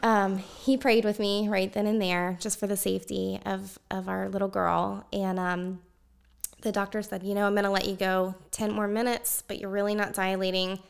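Casting note: woman guest, mid pitch, animated storyteller with frequent laughs. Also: moderate pace, creaky, smooth. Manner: laughs often while telling, animated. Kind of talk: personal story in conversation.

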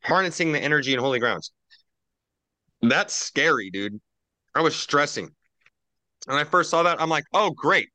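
A man's voice: on the high side, lively intonation, moderate pace, pauses often, bright, forceful tone, no room sound. A man on a casual roundtable podcast, ranting profanely and animatedly while drinking.

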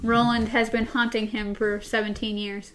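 Woman book-chat host, joking, slightly high voice. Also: little pitch movement, moderate pace, fairly bright tone, a little hiss or hum. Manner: laughing, joking. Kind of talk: casual chat and reading aloud.

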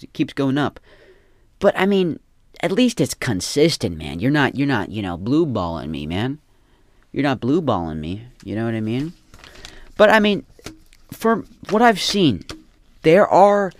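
Profane rambling young man, lively pitch. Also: no echo. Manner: profane, rambling, repeats himself. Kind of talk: casual rant.

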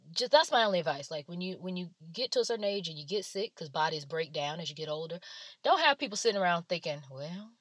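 A woman's voice: lowish voice, fairly bright tone, no room sound. A woman giving casual, blunt and sarcastic celebrity gossip commentary.

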